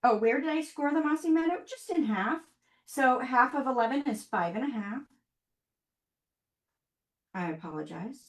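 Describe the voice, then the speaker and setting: A woman's voice: high voice, expressive, moderate pace, long pauses, echoey room. A woman hosting a live online craft workshop, talking to viewers in a chatty, upbeat way as she works. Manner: chatty, upbeat, talks to viewers while working.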